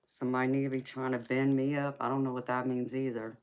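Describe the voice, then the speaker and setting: A woman's voice: extremely low pitch, flat delivery, fast talker, darkish tone. A woman with a Southern US accent, hosting a tarot reading live stream in a casual, folksy chat and calling her listeners baby, sweetheart and honey.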